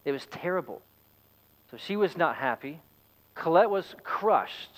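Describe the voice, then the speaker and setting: A man's voice: on the high side, lively intonation, unhurried, a bit bright, low-quality recording. A man, a pastor, preaching a sermon in a conversational, storytelling way. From United States.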